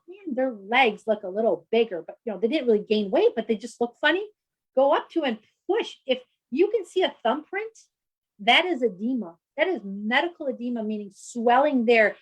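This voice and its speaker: A woman's voice: fairly high pitch, low-quality recording. Chatty woman doctor explaining health. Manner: explanatory, chatty, frequent "you know" fillers. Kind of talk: conversational explanation.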